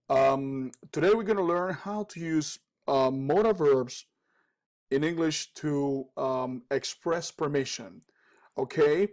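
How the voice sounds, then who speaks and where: A man with a Cuban Spanish accent teaches English in a relaxed lesson voice pitched a little high. He keeps checking in with "okay" and fills pauses with "um". He repeats each example sentence more than once. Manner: repeats example sentences slowly, frequent okays and ums. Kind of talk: casual spoken lesson.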